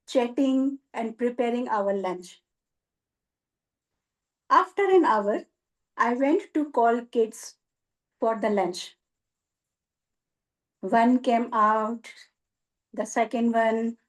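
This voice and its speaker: High-voiced woman telling a dramatic story. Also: extremely slow, pauses often. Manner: dramatic, acts out voices with cries and shouts. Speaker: club speaker. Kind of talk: storytelling speech.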